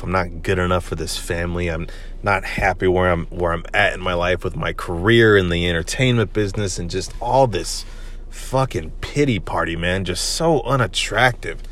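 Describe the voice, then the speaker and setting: Young guy with a low voice, rambling confessional podcast monologue, lots of "man" and "you know". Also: a bit bright, a little hiss or hum. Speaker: podcast host.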